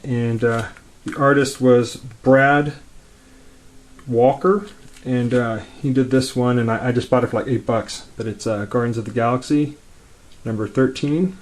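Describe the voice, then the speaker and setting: A man's voice: mid-range voice, steady tone. Laid-back rambling man. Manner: talks quickly. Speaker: comic collector vlogger. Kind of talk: casual show-and-tell.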